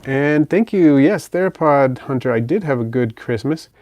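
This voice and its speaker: A man hosting a pet channel livestream casually reads out viewer comments in a relaxed, chatty way, softly cooing to his pet bird. His medium-pitched voice moves at normal speed, with no echo and the highs cut off.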